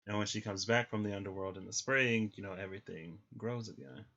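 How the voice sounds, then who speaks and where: This man's voice sits on the low side yet sounds pushed and bright, and he moves briskly through a casual tarot reading on a livestream. Thinking aloud, he says um often, captured in slightly muffled lo-fi audio.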